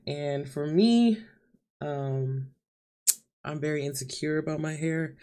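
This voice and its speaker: A young woman vlogger speaks slowly in a deep, warm voice with long pauses. Talking to camera in an emotional confession, she cries nervously and laughs through her tears.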